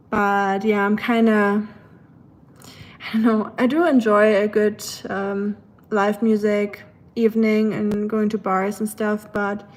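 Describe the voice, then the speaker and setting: Her voice is mid-range and a little mellow, captured on a low-quality recording. A young adult woman with a Southern American accent and a nasal tone, she chats casually on a livestream in her home kitchen, talking to her dog in a sing-song baby voice.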